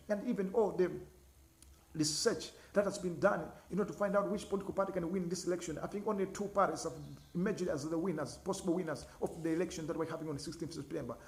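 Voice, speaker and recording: A man delivers political commentary in a quick, urgent stream. His voice sits high for a man, and he lectures the parties directly with passion. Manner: impassioned, addresses parties directly. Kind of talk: political opinion monologue.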